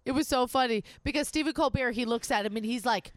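A woman's voice: on the high side, quick pace, hardly any pauses. A woman co-hosting a podcast in casual chat. She tells stories brashly, swears often, and is tipsy from shots. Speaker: podcast co-host.

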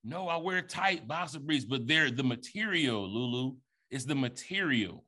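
A man's voice: mid-range voice, animated, normal speed, sharp tone. A man co-hosting a casual podcast chat, joking and roasting the others in loose rambles. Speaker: podcast co-host.

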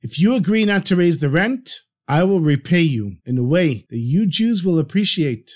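A male storyteller plays a stern army general who barks clipped, commanding lines. His tone is slow and firm. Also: a little high, lively intonation, darkish tone, natural voice. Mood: bargaining.

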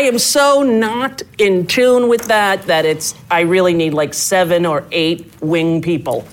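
A middle-aged woman, a comedian telling stories in a casual interview and acting out quotes with big jumps in pitch. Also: a little slow, hardly any pauses, slight background noise, poor audio. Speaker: comedian guest.

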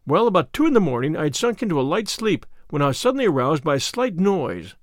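A man reading the part of a shaken young gentleman recounting a night attack in an audiobook. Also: fairly high pitch, big pitch swings, fast, dry recording, studio quality. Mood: anxious.

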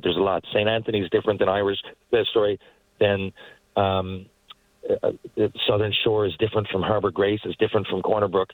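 Man, 40s; lowish, dry-recorded, rambling storyteller guest. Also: no echo, low-quality recording. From Newfoundland, Canada. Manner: rambling, animated anecdotes with frequent asides. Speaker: guest, former hockey player and actor. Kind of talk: casual storytelling interview. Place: parked car.

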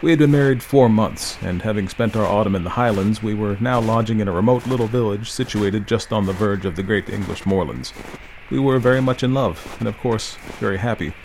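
Low-voiced man reading a ghost story. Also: a little mellow, slight background noise, low-quality recording. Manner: measured, dramatic reading. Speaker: audiobook narrator. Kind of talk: scripted narration of a Victorian ghost story.

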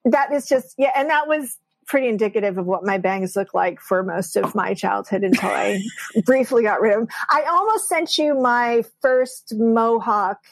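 A woman from San Diego with a fairly high voice tells her stories as a podcast guest, animated and quick to laugh. Her voice sounds dry and close to the mic. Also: gravelly, no room sound. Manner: animated storyteller, laughs easily. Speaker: guest, intimacy coach. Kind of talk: casual podcast interview.

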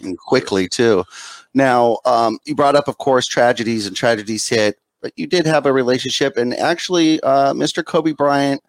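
A man hosting an interview, asking questions casually and haltingly, with filler words. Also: medium pitch, no echo, rough recording. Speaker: podcast host.

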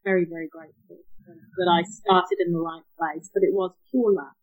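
A woman's voice: lowish voice, steady tone, moderate pace, highs cut off. A woman from England with a northern English accent tinged with New Zealand, a guest chatting in an interview, with frequent small restarts. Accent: northern English, slightly New Zealand. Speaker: guest, web developer. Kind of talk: casual interview chat.

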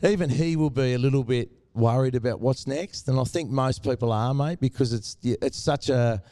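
Middle-aged Australian man, easygoing storyteller, mellow and resonant, close and dry. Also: medium pitch, moderate pace, dry recording. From Tasmania, Australia. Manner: laid-back, says mate a lot. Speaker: guest, former cricketer. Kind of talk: casual interview storytelling.

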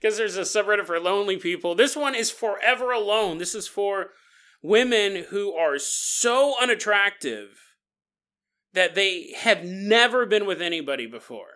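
A man talking through his podcast on his own, casual and chatty, with a voice that rises and falls all over. He has a bright, forward tone and keeps breaking into laughter as he acts out the people in his stories. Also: high voice, moderate pace. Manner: animated, laughing often, acting out quoted voices. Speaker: podcast host. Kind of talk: casual solo podcast monologue.

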